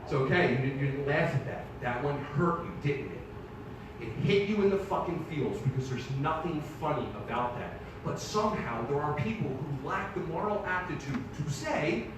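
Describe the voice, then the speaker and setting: Brash profane comedian in echoey hall. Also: male voice, on the high side, lively intonation, normal speed, far from the mic, slight background noise. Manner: brash, profane, shouting punchlines. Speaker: stand-up comedian. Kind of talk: stand-up comedy set. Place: live theater stage.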